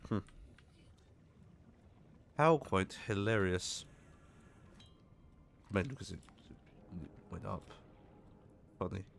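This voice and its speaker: A man's voice: deep voice, expressive, slow pace, gravelly, long pauses. Chatty gamer man. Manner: chatty, jokey, swears when startled. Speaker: gaming streamer. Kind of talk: casual gameplay commentary.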